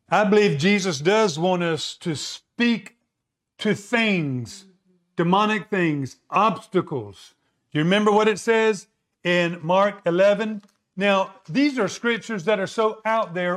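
Male preacher, slightly higher voice, chatty sermon delivery that checks in with the crowd. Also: measured pace. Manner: conversational, repeats words, asks audience questions.

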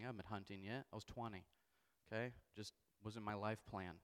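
A young male pastor tells a funny story from the pulpit, animated and self-mocking, often checking in with the congregation. His voice sits fairly low. The sound carries a long reverb from the church hall. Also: fairly quick, smooth. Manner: animated, self-mocking storyteller who keeps asking "okay?". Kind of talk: storytelling sermon. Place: church sanctuary.

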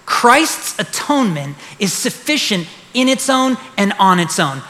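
High, bright-voiced preacher in a reverberant hall. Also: male voice, animated, moderate pace, few pauses. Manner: earnest preaching with emphatic repetition. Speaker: pastor. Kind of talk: sermon. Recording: long reverb of a large hall.

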